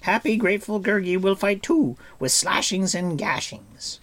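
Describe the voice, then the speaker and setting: A man voicing a humble, eager male creature who speaks in a high, fawning, pleading tone. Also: animated, unhurried, a bit bright, heavily acted.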